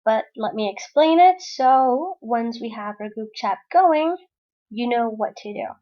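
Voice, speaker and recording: High-voiced woman teacher explaining a lesson. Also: lively intonation, measured pace, dull audio. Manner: clear, patient explaining to students. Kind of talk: recorded online lesson.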